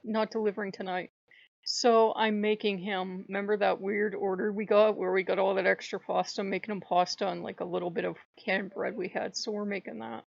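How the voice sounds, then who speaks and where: A woman hosting a casual spiritual vlog, telling a rambling, animated story and laughing often. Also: mid-range voice, fairly quick, gravelly, dry recording. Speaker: channel host. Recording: dull lo-fi dry recording.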